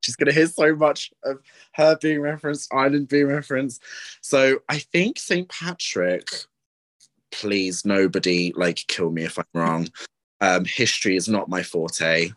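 A man's voice: on the low side, measured pace, fairly bright tone. A young man co-hosting a podcast in casual, rambling chat, full of ums and likes. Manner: rambling, filler-heavy. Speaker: podcast co-host.

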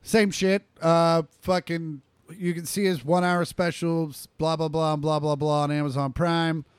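A man's voice: a little high, level tone, a little slow, smooth, no echo. A man co-hosting a comedy podcast, chatting casually, loose and profane, laughing often. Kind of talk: casual chat.

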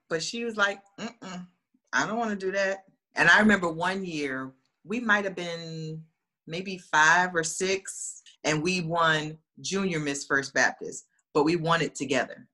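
Animated woman telling stories. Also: sits low. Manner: lively, animated, acts out quoted voices. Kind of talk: casual storytelling.

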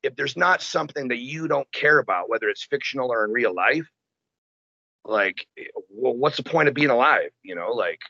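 A man in casual conversation, telling stories in an animated, profane way. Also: medium pitch, normal speed, vocal fry, no room sound. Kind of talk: casual chat. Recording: dull lo-fi sound.

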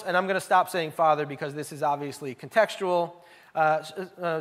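A man in his thirties preaching a sermon as a pastor, animated and conversational, often asking the congregation questions. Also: fairly high pitch, normal speed.

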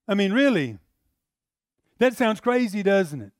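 A middle-aged pastor with a drawl delivers a sermon, talking to his congregation like a neighbor before climbing into forceful, emphatic bursts. His voice sits a little higher than most men's. The sound is dry and close, with no room echo. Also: big pitch swings, measured pace. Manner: conversational preaching, rising to emphatic outbursts.

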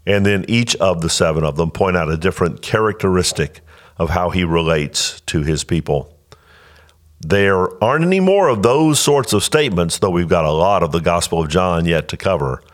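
A man with a very low voice teaches scripture on a podcast. He speaks slowly and deliberately, often restarting phrases and rising with emphasis on key points. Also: animated. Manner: slow, deliberate delivery with emphatic rises and repeated restarts. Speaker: pastor and podcast host.

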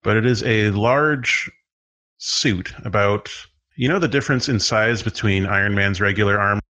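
A man narrating as game master of a tabletop role-playing game, describing scenes at an unhurried pace with frequent fillers. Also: lowish voice, pushed and bright.

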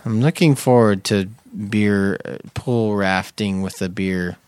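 A man's voice: lowish voice, unhurried, darkish tone, smooth, no room sound. A man hosting a casual beer podcast, laughing often and teasing his co-hosts. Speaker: podcast host. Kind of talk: casual chat.

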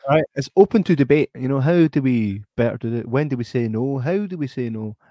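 A man's voice: mid-range voice, animated, fairly quick, dark tone, dry recording. A Scottish man telling stories in casual podcast chat, laughing and acting out other people's voices. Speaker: podcast co-host. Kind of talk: casual storytelling.

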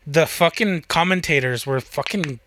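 A man co-hosting a casual podcast chat, telling stories in an animated, profane way. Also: fairly high pitch, normal speed. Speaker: podcast co-host.

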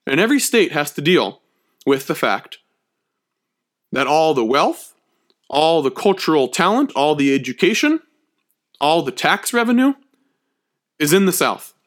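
A man's voice: a little high, very animated, a little slow, long pauses. Man, history lecture, emphatic, conversational, checks in with listeners. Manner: emphatic, checks in with frequent "okay?".

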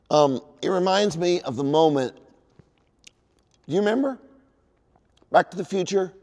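A man's voice: a little high, lively intonation, slow pace, pauses often, a little mellow. Preaching man in a reverberant hall. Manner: emphatic preaching, reading scripture aloud. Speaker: pastor. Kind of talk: sermon.

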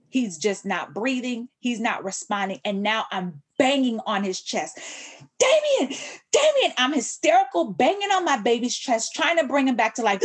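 A middle-aged woman on a podcast telling a personal story with fiery, animated delivery. Her voice sits fairly high and swings widely in pitch as she acts out the people she quotes. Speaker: podcast guest.

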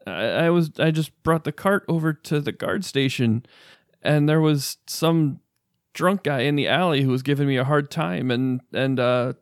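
A man playing a shaken, grieving father, halting and stammering. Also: fairly high pitch, no echo, clean studio sound, natural voice.

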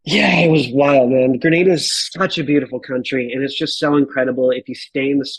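A man in his thirties, a podcast guest, telling a wild travel story in an animated, casual way and swearing freely. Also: mid-range voice, brisk, no echo, low-quality recording.

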